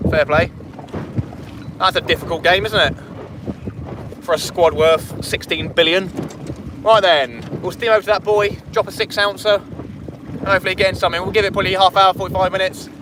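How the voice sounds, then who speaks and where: A young man talks casually to his live viewers from a small inflatable boat at sea. His voice sits fairly high and he jokes and banters between fishing plans. Loud wind and engine noise wash over the camera mic. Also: steady tone, fairly quick, long pauses. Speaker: fishing vlogger. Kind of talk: casual live-stream chat.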